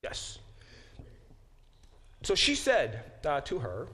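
A man teaches a Bible class in a conversational lecture style, animatedly acting out quoted speech and restarting his sentences. His mid-range voice is slightly rough, a little slow, and he pauses often.

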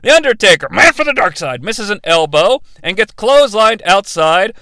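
Sarcastic man with a gravelly voice. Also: high-pitched, sing-song, moderate pace, sharp tone, no room sound. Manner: sarcastic, profane asides. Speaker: podcast host recapping a wrestling event. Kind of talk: comedic play-by-play recap.

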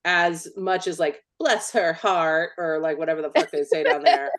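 A woman's voice: sits low, fairly even intonation, brisk. A Californian woman co-hosting a podcast, chatting casually with strong opinions, swearing freely and saying "like" a lot. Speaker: podcast co-host. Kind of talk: casual chat.

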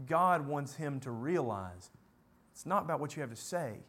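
A man preaching a sermon, earnest, building to emphatic peaks and dropping to quiet asides. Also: a little high, animated, normal speed.

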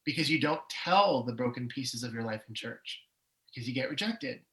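A man in his forties speaks as a podcast guest, sharing his personal testimony with candor. His voice is bright and forward, with a middle pitch. His energy swings from quiet reflection to loud, excited retelling. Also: moderate pace, rough recording. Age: 40s. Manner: candid, emotional storytelling with swings in energy.

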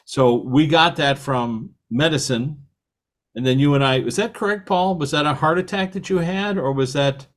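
A man's voice: a little high, moderate pace. Older male podcast host, rambling storyteller, laughs often. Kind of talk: casual conversation.

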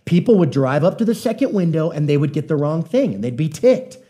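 A male pastor delivers a sermon with a soft, mellow tone sitting a bit above the usual male pitch. He talks to the congregation like a friend, telling stories and slipping in jokes and quick questions. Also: sing-song. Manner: conversational, joking storyteller addressing the congregation.

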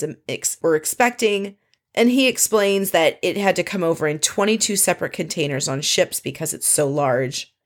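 A woman casually recapping a reality show episode, chatty and full of opinionated asides. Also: lowish voice.

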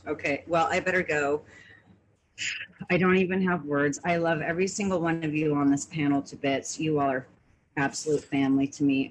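A woman's voice: deep voice, a little hiss or hum, low-quality recording. A woman calling in to a live stream panel, talking in a gushing, affectionate way. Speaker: caller. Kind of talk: casual chat.

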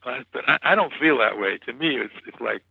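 A man's voice: medium pitch, lively intonation, a little fast, creaky, slightly rough, dry recording, highs cut off. A man guest, a musician, telling stories in a casual interview, rambling with many restarts and "you know"s. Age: 40s or older.

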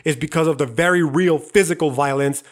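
A young man on a podcast, raging through a heated monologue that is thick with swearing and "dog". His voice sits a little high for a man. He comes from the United States. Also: a little fast. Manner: heated, profane, calls listener "dog". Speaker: podcast host. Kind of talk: profane, impassioned monologue.

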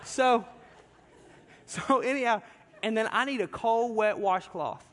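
A man's voice: very high-pitched, slow pace, fairly bright tone, slight background noise. A pastor telling a humorous story in a sermon, talking animatedly and directly with his congregation in a church sanctuary. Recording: long hall reverb from a large church.

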